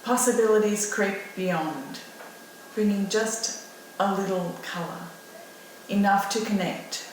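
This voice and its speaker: Slow Australian woman in an echoey room. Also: mid-range voice, far from the mic, a little hiss or hum. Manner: slow, deliberate, calm reading. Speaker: poet. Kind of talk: reading her own poem aloud. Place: at home.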